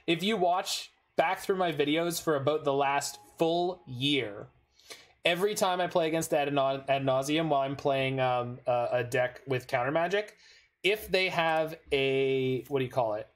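A man giving casual commentary on his own card game, talking to himself and swearing when plays go wrong. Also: medium pitch. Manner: frustrated outbursts and swearing; talks to himself while playing. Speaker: gaming streamer.

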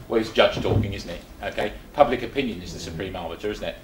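A man's voice: lowish voice, fast talker, hardly any pauses, reverberant, noisy background. An older man from England giving a chatty talk to a small group, full of rhetorical questions and restarts. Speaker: presenter. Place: meeting room.

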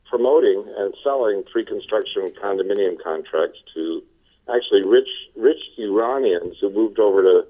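A man from the Los Angeles area, a sales trainer being interviewed, telling his story in a relaxed way with many fillers. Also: lowish voice, moderate pace. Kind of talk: casual phone interview. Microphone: telephone. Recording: tinny phone line.

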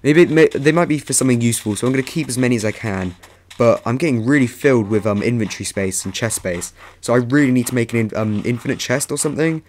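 Young male let's-play host, mid-pitched, rambling and chatty, sudden yelps, faint hiss behind. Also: quick pace, darkish tone. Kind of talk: casual gameplay commentary.

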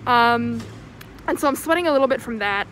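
A woman's voice: a little high, expressive, a little fast, a bit bright, slight background noise, rough recording. A woman in her twenties talking casually to her phone camera in a self-deprecating, chatty vlog. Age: 20s. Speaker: vlogger.

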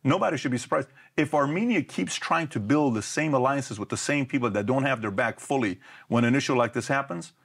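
A man's voice: mid-range voice, brisk, gravelly, hardly any pauses, husky. A middle-aged man as an interview guest, talking emphatically and firing off rhetorical questions. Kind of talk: conversational interview.

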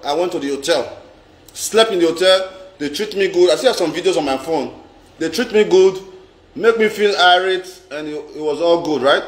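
A man's voice: on the high side, normal speed. A Nigerian man telling a story in a dramatic, repetitive, boastful vlog rant. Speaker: vlogger. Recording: roomy echo.

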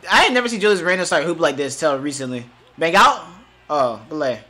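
A man's voice: on the high side, animated, brisk, bright, forceful tone. Hyped young man reacting to basketball. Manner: hyped, slangy, repeats short catchphrases. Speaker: streamer reacting to game highlights. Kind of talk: excited live reaction commentary.

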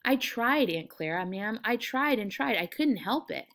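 A woman reading aloud the part of a simple-minded, childlike man who speaks softly and pleadingly. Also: fairly high pitch, expressive, measured pace. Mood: miserable. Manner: soft, pleading.

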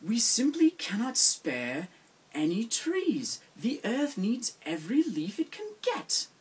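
A man's voice: extremely high pitch, wildly swooping pitch, slow, breathy edge, distant mic, pitched above the performer's own voice, heavily acted. A young man voicing an earnest environmentalist roommate who speaks urgently and preachily in a mock reality-show confessional. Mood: preachy.

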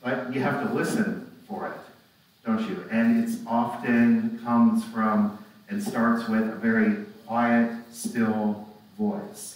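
A man preaching a reflective sermon as pastor, often ending thoughts with tag questions. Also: mid-range voice. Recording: echoey room, mic far off.

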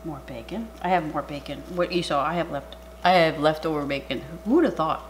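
A middle-aged woman with a Canadian accent, chatting excitedly through a cooking video at home and sometimes dropping to a whisper. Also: low-pitched, fairly quick. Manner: chatty and excitable, drops to a whisper over food. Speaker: cooking channel host. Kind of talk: casual cooking vlog chat. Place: home kitchen. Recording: noisy home recording.

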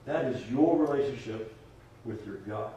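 A man's voice: mid-range voice, normal speed, dark tone, recorded from a distance, slight background noise. A man preaching a sermon and leading a closing prayer as pastor, emphatic, repeating phrases and building to fervent exhortation. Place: church sanctuary. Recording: very echoey church hall, voice from afar.

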